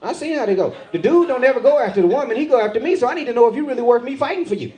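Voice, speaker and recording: A middle-aged man doing stand-up comedy on a club stage with a handheld mic, jumping into loud, high voices when he acts out other people. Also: lively intonation, rapid-fire. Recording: live club with loud crowd laughter.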